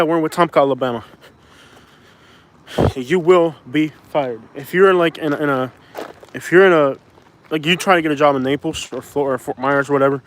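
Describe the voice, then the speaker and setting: Rambling Cuban-born man with a higher voice. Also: fairly bright tone, a little hiss or hum. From Cuba. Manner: rambling, filler-heavy, reads out chat comments. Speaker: vlogger, live streamer. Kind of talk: casual live-stream talk. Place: outdoors, walking around a town.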